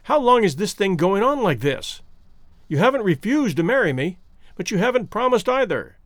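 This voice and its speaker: Narrator doing blunt cynical rich guy, highish lively voice, dry close mic. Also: moderate pace, no room sound. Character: scheming wealthy man, blunt and cynical.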